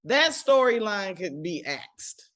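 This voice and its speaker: A woman from Mississippi, co-hosting a casual chat recapping reality TV, blunt and animated and quick to laugh. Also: medium pitch. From Mississippi, USA. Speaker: podcast co-host.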